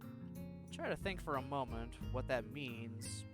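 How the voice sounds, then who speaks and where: A man reading a visual novel aloud in first person, slow and introspective, now and then tripping over words. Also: medium pitch, lively intonation, music in the background. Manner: slow, introspective, sometimes tongue-tied.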